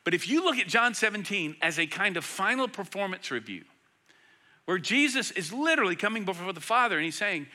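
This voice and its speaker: Bright, earnest preaching man. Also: sits high, animated, fairly quick. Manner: earnest, emphatic preaching with shifts between loud and hushed. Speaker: pastor. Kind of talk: sermon.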